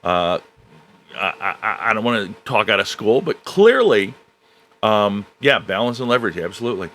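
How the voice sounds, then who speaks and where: Halting man full of "uh" pauses. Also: on the low side, big pitch swings, fairly bright tone. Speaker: podcast host. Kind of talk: casual chat.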